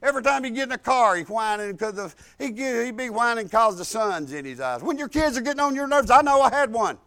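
An older man, a pastor telling family stories in a sermon and swinging from soft asides to bold, loud preaching. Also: very high voice, expressive, fast talker. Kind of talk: storytelling sermon.

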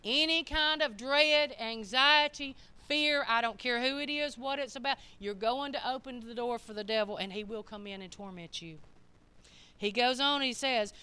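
Bright-voiced older woman preaching emphatically. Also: fairly high pitch, smooth. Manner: emphatic, reads scripture slowly and comments in plain folksy speech. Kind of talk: sermon.

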